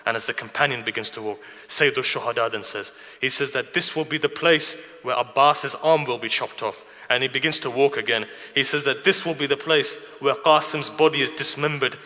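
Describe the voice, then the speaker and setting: Speaking briskly with hardly any pauses, a man preaches a narrative sermon at a mourning gathering in an echoing hall. His medium-pitched voice has a sharp tone, and he tells the story emotionally while asking rhetorical questions.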